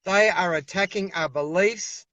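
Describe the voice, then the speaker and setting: A man's voice: high voice, measured pace, bright, forceful tone, no room sound. An Australian man speaking over a video call as an interview guest, giving fiery, emphatic political talk and repeating himself when worked up.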